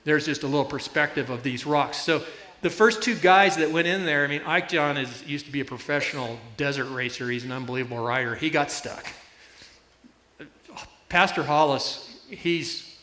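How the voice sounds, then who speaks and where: A man's voice: fairly high pitch, normal speed, bright, forceful tone. Man preaching in an echoey hall. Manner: storytelling with laughs and illustrations. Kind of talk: sermon. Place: church.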